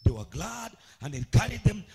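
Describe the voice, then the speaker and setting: Husky-voiced pastor preaching with fire. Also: male voice, sits high, very animated, normal speed, warm tone. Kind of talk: charismatic sermon. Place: church sanctuary.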